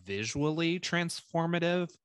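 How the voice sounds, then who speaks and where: Chill young dude talking movies, pitch all over, super dry sound. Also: male voice, expressive, a little slow, smooth, dry recording. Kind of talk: casual movie chat.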